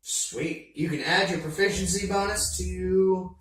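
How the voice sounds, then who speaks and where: Guy game mastering, chatty and all over the place, bright sound, recorded far off in an echoey room. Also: sits high, fairly even intonation, unhurried. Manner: rambling, laughing, full of fillers. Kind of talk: narrating a tabletop game. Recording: roomy, distant mic with faint noise.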